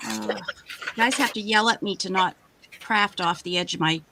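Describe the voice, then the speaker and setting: A woman's voice: lowish voice, sing-song, moderate pace. A woman with a Boston accent joining a live crafting chat, friendly and joking about herself. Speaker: live session participant. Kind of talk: casual chat while crafting. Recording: loud background noise.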